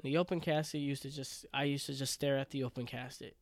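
A man's voice: medium pitch, fairly even intonation, fast talker, gravelly, dry recording, studio quality. A man in his twenties hosting a solo podcast, talking earnestly and emotionally, rambling with many restarts. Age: 20s. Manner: earnest and emotional, choking up at times. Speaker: podcast host.

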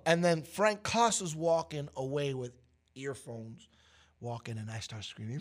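A man's voice: on the high side, normal speed. A man in his forties, a radio show co-host, telling a story in casual chat and acting out the lines of the people in it. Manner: animated storyteller, acts out quotes loudly.

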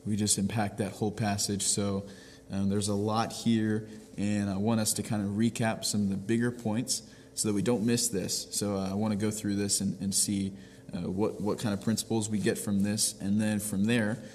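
Pastor, male, lower register, earnest explainer, reverberant room with a faint background hum. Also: little pitch movement, moderate pace, darkish tone. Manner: earnest, explains step by step with frequent restarts. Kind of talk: devotional teaching.

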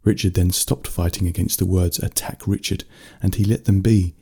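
A man narrating a bedtime story in a steady, unhurried reading voice. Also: low-pitched, gravelly, husky.

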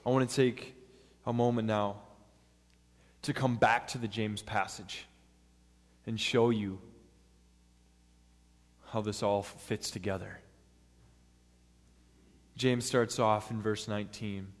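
A man's voice: lowish voice, steady tone, takes it slowly, pauses often. Man preaching in a reverberant hall. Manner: earnest, step-by-step teaching with acted-out quotes. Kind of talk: sermon.

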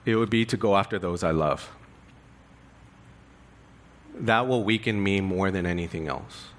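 Earnest preacher man, lowish voice. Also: unhurried. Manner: earnest, confessional, rising emphasis with rhetorical questions. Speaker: pastor. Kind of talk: sermon.

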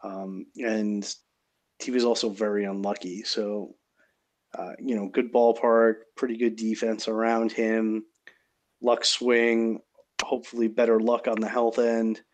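A man hosting a casual podcast chat, measured and steering the discussion. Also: on the low side, little pitch movement.

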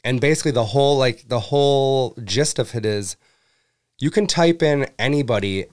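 A man's voice: medium pitch, normal speed, dry recording. Man explaining things dryly on a podcast. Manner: dry, explains plainly, jokes in asides. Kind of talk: casual chat.

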